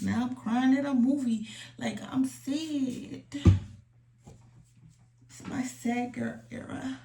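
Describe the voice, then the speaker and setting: A young woman talking candidly to her viewers from home in a chatty, slangy way, sometimes dropping to soft asides. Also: medium pitch, gravelly, slight background noise. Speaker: vlogger. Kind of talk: casual confessional chat. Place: home room. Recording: roomy echo, a little distant from the mic.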